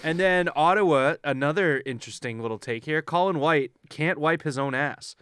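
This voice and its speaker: A man's voice: fairly high pitch, moderate pace, fairly bright tone, clean tone, no echo, studio quality. A man co-hosting a hockey podcast in casual chat, loose and profane, retelling stories and acting out the people in them. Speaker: podcast co-host.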